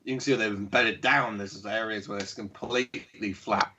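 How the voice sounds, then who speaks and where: A man's voice: fairly low pitch, steady tone, a little fast, bright, forceful tone. Man narrating as dungeon master. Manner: descriptive, with many fillers and chuckles. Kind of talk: narrating a tabletop game. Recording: muffled lo-fi stream audio.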